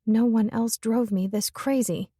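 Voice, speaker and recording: A woman narrating a first-person romance audiobook in a measured, introspective way. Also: a little high, fairly even intonation, dark tone, slightly rough, dry recording, studio quality.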